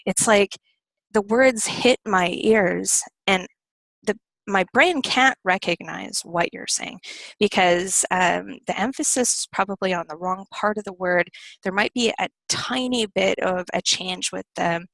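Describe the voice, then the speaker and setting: A woman's voice: mid-range voice, a little slow, vocal fry. A young American woman runs a live online English class through her computer mic. She talks in an easygoing, chatty way. The sound is dry and close, with no room echo. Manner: relaxed, conversational and personal. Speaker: English teacher.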